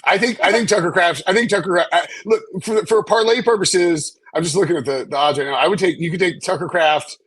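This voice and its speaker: Rambling male betting analyst; husky, slightly high voice, dry close sound. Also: fast, hardly any pauses, fairly bright tone, dry recording. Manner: rambling, hesitant, lots of fillers and restarts. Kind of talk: casual live-stream betting chat.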